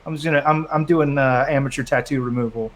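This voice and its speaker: A tabletop player bantering with jokes and stammers at a middle pitch. A faint hiss of noise sits under the voice. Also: fairly even intonation, fast. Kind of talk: tabletop game chat.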